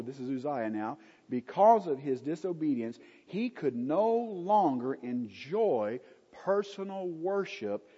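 A man's voice: mid-range voice, dark tone, husky. A man teaching from the Bible in an emphatic way, often asking his listeners rhetorical questions. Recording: dull, lo-fi recording in an echoey hall.

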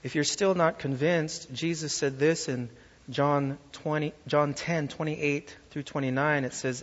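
Preaching slowly and deliberately, a pastor stresses key words and asks his congregation rhetorical questions, his fairly even voice pitched a little high for a man. The recording sounds dull and lo-fi, with a long reverb from a large hall.

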